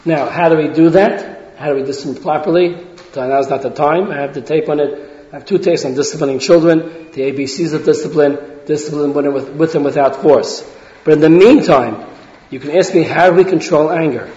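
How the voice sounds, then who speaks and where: A man's voice: fairly high pitch, fairly quick, dark tone. A man giving an informal lecture full of anecdotes, asking rhetorical questions, stumbling into restarts and often tagging lines with "right?". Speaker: religious parenting lecturer. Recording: echoey hall, dull lo-fi sound.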